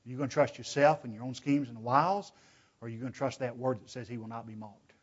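A man's voice: medium pitch, fairly even intonation, fast talker. A man preaching a sermon in a church. He is emphatic, asks rhetorical questions and calls the listeners brethren. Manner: emphatic, shifts from loud urging to hushed pleading. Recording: dull, lo-fi recording.

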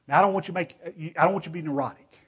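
A man's voice: fairly high pitch, rapid-fire, slightly rough. A man preaching a sermon in a church. He is emphatic, asks rhetorical questions and calls the listeners brethren. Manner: emphatic, shifts from loud urging to hushed pleading. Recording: dull, lo-fi recording.

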